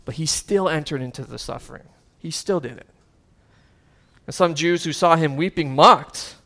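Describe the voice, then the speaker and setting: A man's voice: a little high, normal speed, a bit bright. A man preaching a sermon as pastor, earnest and conversational, with casual asides and fillers.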